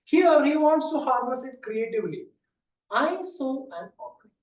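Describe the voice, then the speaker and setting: A man's voice: extremely high pitch, normal speed. A man giving a storytelling speech at a club meeting, acting out a conversation with a friend. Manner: lively storyteller acting out dialogue. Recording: roomy hall from a distance.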